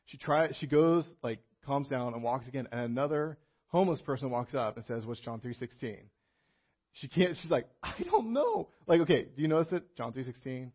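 A man's voice: medium pitch, creaky, husky, muffled recording. A man preaching a sermon in a conversational way, telling a personal story with many restarts and fillers.

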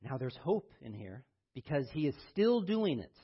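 A man preaching a sermon as pastor, reading scripture with rising intensity and then talking in a low, quiet voice. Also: big pitch swings, moderate pace, slightly rough, highs cut off.

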